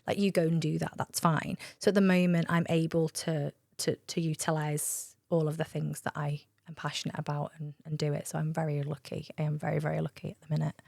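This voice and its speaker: A woman's voice: sits low, a little fast, vocal fry, few pauses, no echo, studio quality. A woman, chatting as a podcast guest and telling stories animatedly, acting out quoted voices. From England. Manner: animated storyteller, acts out quoted voices and laughs often. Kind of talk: casual podcast chat.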